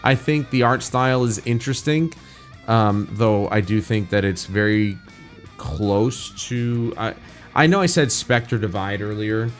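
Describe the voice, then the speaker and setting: A man's voice: lowish voice, unhurried, faint music behind. A young man hosting a reaction video, talking through his thoughts in a rambling, candid way with frequent restarts. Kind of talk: casual spoken reaction commentary.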